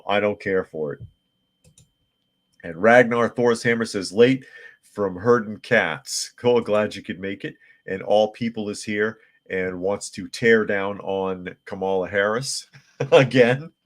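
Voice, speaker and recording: A man hosting a live podcast, reading viewer comments and news articles aloud with blunt opinions and frequent restarts. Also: sits low. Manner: frequent restarts and filler words. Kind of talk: casual live-stream commentary.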